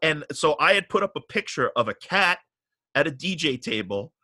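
A middle-aged man tells a story on a podcast, his voice bright and forceful. He swears freely and gets worked up as he talks. The sound is close and dry. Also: on the high side, moderate pace, no room sound. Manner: animated, profane, gets riled up. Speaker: guest telling a story.

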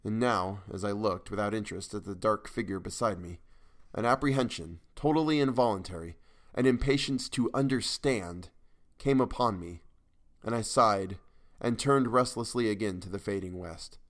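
A man narrating a short story in a measured, even manner. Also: fairly low pitch. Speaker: audiobook narrator.

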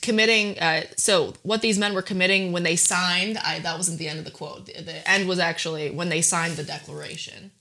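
Woman, playful, casual quiz chat, bright voice. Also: lowish voice, steady tone, a little fast, few pauses. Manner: playful, laughs often. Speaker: quiz player. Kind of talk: casual movie quote quiz game.

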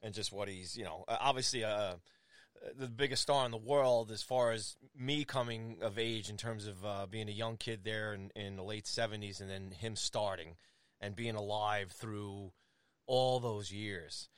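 A middle-aged male host talks casually, pausing and hunting for his words. His voice is low, and it is recorded dry and close, with no room sound. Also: smooth, no echo. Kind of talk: casual chat.

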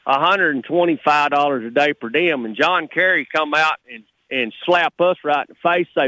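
A man's voice: a little high, normal speed, bright, forceful tone, no echo, poor audio. A middle-aged man from Texas, calling in to a radio show and talking heatedly and bluntly like a working man. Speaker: caller. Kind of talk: call-in radio.

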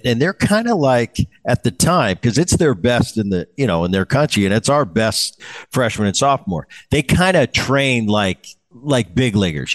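A man in his fifties hosting a podcast, telling old stories in a rambling way, often repeating words and using fillers. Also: mid-range voice. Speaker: podcast host, former ballplayer. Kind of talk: casual storytelling chat.

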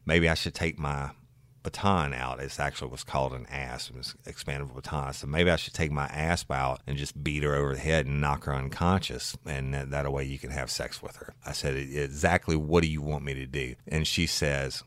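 A man, a former patrol deputy, telling a story from one of his calls in a blunt, animated way and swearing freely. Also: very deep voice, brisk, dry recording, studio quality. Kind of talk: casual true-crime storytelling.

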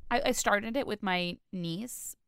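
A woman co-hosting a podcast, chatting casually in an animated, gushing way, full of filler words. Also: medium pitch, a little slow, clear, resonant tone, no echo, studio quality. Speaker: podcast co-host. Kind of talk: casual chat.

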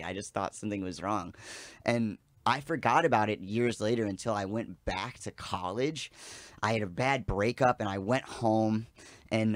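A man in his thirties, a podcast guest, telling a rambling, animated story in casual chat and swearing freely. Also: medium pitch, dry recording.

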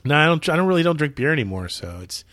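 Relaxed man co-hosting a podcast. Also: fairly high pitch, fast talker, no room sound, studio quality. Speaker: podcast co-host. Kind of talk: casual chat.

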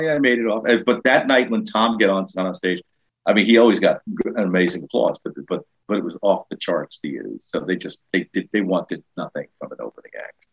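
An older comedian with a New York accent spins animated backstage anecdotes, slipping into quoted voices as he goes. His voice is husky and sits a little low. The recording sounds dull and lo-fi. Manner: animated, acts out quoted voices, frequent restarts. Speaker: comedian and guest. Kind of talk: casual anecdotal storytelling.

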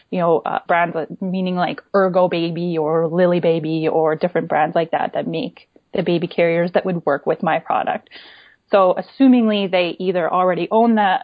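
Speaking with a fairly low pitch, this small online shop owner chats as an interview guest, laying things out in a relaxed, explanatory way and peppering her points with "you know" and "right?" The remote recording sounds dull and lo-fi, in a dead, echo-free room.

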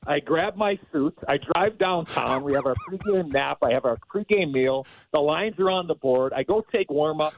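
A man, a former hockey player, telling a rambling, animated story in casual chat, laughing often. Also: on the high side, normal speed, few pauses, phone-quality sound.

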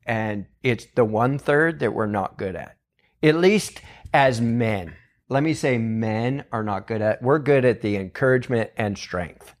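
An earnest male pastor speaks on a podcast in an easy, mid-pitched voice. He tells his stories with conviction and leaps into other people's voices to act out what they said. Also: a little slow. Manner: earnest storyteller who acts out quotes with big pitch jumps. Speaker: church pastor, guest. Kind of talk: podcast conversation.

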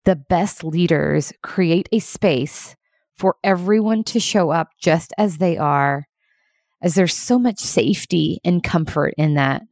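A woman with a low voice gives a motivational talk to leaders, earnest and emphatic. The recording is dry and close, with no room sound. She talks at a brisk pace. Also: vocal fry, darkish tone, no echo. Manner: earnest, fast-paced and emphatic.

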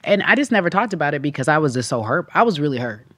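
A woman guest speaking candidly in an interview, telling her story with animated delivery and acting out quoted voices. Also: sits low, racing, dry recording.

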